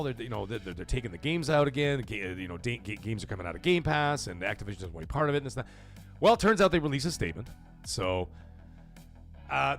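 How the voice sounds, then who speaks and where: A man hosting a casual gaming news live stream, talking straight to his viewers, animated and loose with swearing. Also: medium pitch. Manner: animated, swearing, talks to chat and folks.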